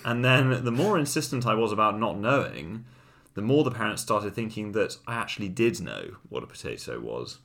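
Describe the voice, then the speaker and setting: Low gravelly guy, deadpan comic storytelling, casual podcast chat. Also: moderate pace. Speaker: podcast co-host.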